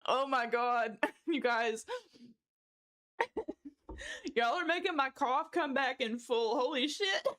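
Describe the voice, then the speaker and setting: A woman livestreamer with a high voice talks at an unhurried pace in casual chat. She keeps giggling while reading chat jokes aloud and answers them with short exclaimed protests. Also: fairly bright tone.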